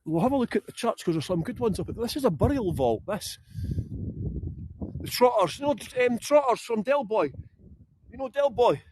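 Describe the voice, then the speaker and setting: A man's voice: high voice, animated, normal speed, long pauses, darkish tone, slight background noise. A Scottish man leading a live walking tour outdoors in a graveyard, chatty and joking. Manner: chatty and joking, laughs often. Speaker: tour guide.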